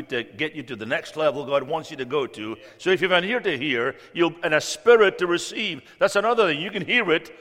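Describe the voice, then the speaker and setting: Joking man preaching in a reverberant church. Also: on the high side. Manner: joking, storytelling, big swings in loudness. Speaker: guest preacher. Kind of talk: sermon. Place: church sanctuary. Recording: long reverb of a church hall.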